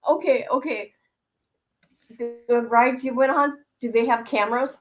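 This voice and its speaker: A woman's voice: fairly high pitch, fairly even intonation, measured pace, rough recording. A young woman chatting casually, reacting with frequent giggles and exclamations. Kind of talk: casual chat.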